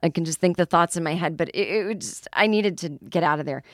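A woman's voice: lowish voice, fast, no echo, studio quality. A woman comedian hosting her podcast, telling a rambling, self-deprecating story and swearing casually. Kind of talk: comic storytelling monologue.

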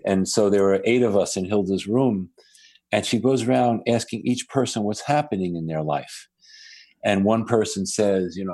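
A man's voice: fairly low pitch, lively intonation, normal speed, darkish tone. A man who is a podcast guest, telling reflective stories with frequent restarts. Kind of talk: storytelling in a podcast conversation.

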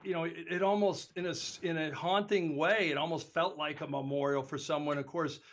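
A man's voice: on the high side, steady tone, fairly quick, highs cut off. A man hosting an interview, eager and heartfelt as he asks about stories. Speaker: host. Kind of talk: casual interview.

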